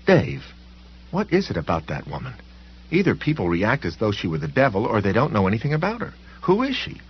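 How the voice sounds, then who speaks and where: Male reader as a pushy, uneasy realtor; low voice, slightly dull recording. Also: wildly swooping pitch, a little fast, breathy edge, full character voice. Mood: urgent. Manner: urgent and questioning. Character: uneasy small-town male realtor, pressing questions.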